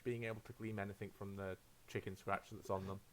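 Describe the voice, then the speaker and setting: Game master dude, lots of ums, describes the scene and asks for dice rolls. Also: male voice, lowish voice, flat delivery, quick pace, slight background noise. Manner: hesitant, with many ums and uhs. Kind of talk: tabletop role-play narration.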